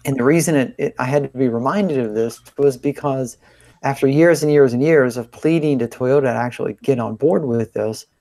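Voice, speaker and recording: Man, podcast co-host, relaxed casual chat, mid pitch. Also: brisk. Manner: relaxed, easygoing, many fillers.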